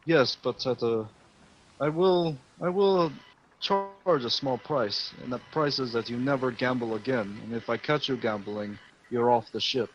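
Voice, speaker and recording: A man playing his character in a tabletop game, calm and measured. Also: medium pitch, soft background music. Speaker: player. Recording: dull lo-fi audio.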